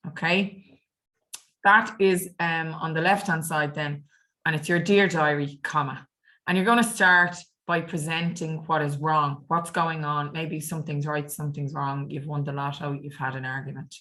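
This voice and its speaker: A woman teaching an online French exam revision lesson, explaining clearly and patiently. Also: low voice, pushed and bright.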